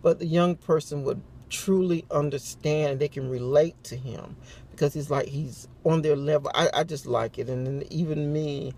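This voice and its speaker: A woman's voice: sits low, steady tone, moderate pace, mellow, breathy edge. An older woman in a casual morning chat vlog, telling chatty stories, acting out what people said and laughing often. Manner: chatty storyteller who acts out quotes. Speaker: vlogger.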